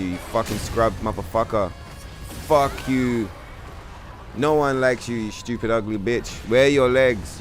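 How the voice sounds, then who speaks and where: A man streaming a video game live, commenting on the action as he plays, swearing freely and trash-talking the enemy on screen. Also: mid-range voice. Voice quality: profane, trash-talking, excitable.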